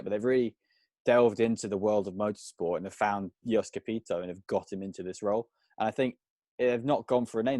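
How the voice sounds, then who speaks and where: Opinionated male podcast co-host, lowish voice, dry sound. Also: a little mellow, dry recording. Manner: opinionated, thinks aloud in long runs. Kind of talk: casual podcast chat.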